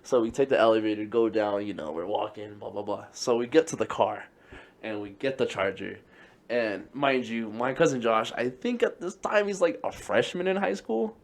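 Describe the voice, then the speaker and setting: A man's voice: fairly low pitch, moderate pace. A young man telling a long story in casual chat, rambling and laughing as he goes. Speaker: podcast co-host.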